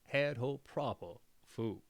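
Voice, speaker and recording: A man's voice: mid-range voice, slow pace, dry recording, pitched below the performer's own voice, close to an everyday voice. A man voicing an old, hot-tempered tailor in a storybook reading, given to angry exclamations. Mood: scolding. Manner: wrathful, exclaiming.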